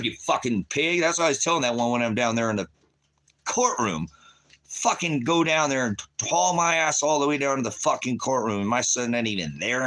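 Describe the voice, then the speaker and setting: A middle-aged vlogger rants furiously at the camera, cursing almost every line, his fairly high voice breaking into shouts when he gets heated. Every so often he mocks other people by imitating them in exaggerated voices.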